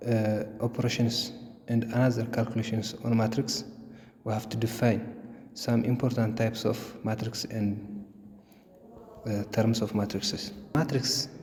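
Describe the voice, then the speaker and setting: Man, math teacher, slow repetitive explaining, mellow voice, reverberant room. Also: medium pitch. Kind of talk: recorded math lesson. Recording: long reverb, faint noise.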